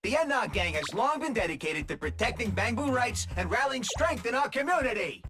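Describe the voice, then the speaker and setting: A man's voice: very high voice, sing-song, fairly quick, a little hiss or hum, exaggerated voice. An actor with a Brooklyn accent playing a male Bangbu creature who makes a fiery speech rallying his brothers to fight. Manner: fiery rabble-rousing speech. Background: loud trailer music.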